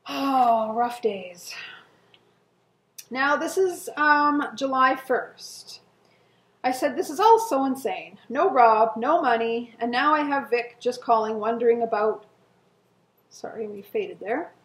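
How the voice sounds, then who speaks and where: A middle-aged woman reading her old journal entries aloud to viewers in an earnest, emotional way, with soft laughs and sighs. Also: fairly high pitch, lively intonation, slow. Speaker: co-host. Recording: echoey room.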